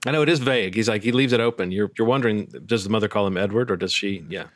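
A man's voice: fairly low pitch, racing, no echo, studio quality. A man co-hosting a podcast, reading a novel aloud and breaking off to joke about it. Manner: reads aloud and stops for jokey commentary. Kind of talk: casual book-reading podcast chat.

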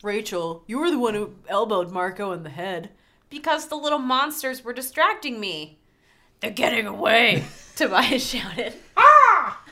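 A woman with a bright tone and a lively, varied pitch. She reads a story aloud in a casual group, laughing easily. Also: moderate pace. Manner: laughing, expressive reading. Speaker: podcast co-host reading aloud. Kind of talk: casual group reading with banter.

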